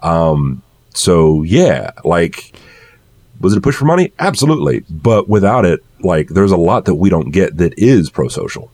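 A man's voice: low voice, sing-song, moderate pace, darkish tone, no room sound. A man in a casual podcast discussion, explaining social theory at length with plenty of fillers and restarts. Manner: thoughtful, explanatory, with many fillers.

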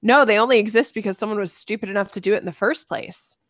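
A woman's voice: medium pitch, fast, a bit bright, dry recording, studio quality. A woman co-hosting a casual podcast chat, reading verses aloud and speaking frankly. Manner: reads scripture aloud, candid and swears casually. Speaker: podcast co-host.

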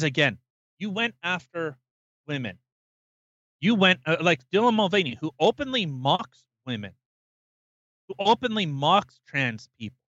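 A man's voice: a little high, a bit bright, no room sound, dull audio. A man co-hosting a podcast, ranting emphatically and swearing freely in casual chat. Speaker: podcast co-host.

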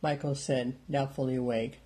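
Mellow-voiced male storyteller. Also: mid-range voice, normal speed. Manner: plain steady reading, small lifts for dialogue. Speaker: narrator. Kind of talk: audiobook narration.

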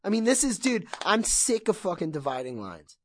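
Impassioned, swearing man, lively pitch. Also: normal speed, a little hiss or hum. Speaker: podcast guest. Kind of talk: casual podcast chat.

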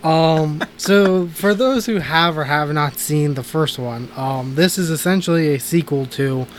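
A man's voice: fairly high pitch, unhurried, a little hiss or hum. A man casually reviewing movies on a podcast, rambling with lots of fillers and restarts. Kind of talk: casual chat.

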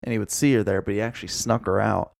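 A man co-hosting a podcast, chatting casually with quick interjections and swearing. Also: on the low side, fairly even intonation, gravelly, no room sound, studio quality. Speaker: podcast co-host. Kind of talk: casual chat.

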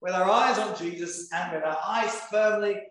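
A man preaching a sermon, reading scripture slowly and deliberately between conversational asides. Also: high-pitched, a bit bright. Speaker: pastor. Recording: very echoey room.

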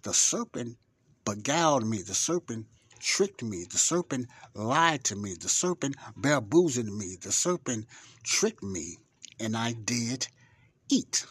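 A man voicing the biblical first woman as she makes excuses, speaking in a slow, drawn-out way. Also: medium pitch, sing-song, fairly bright tone, breathy edge, no echo, full character voice. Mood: excusing.

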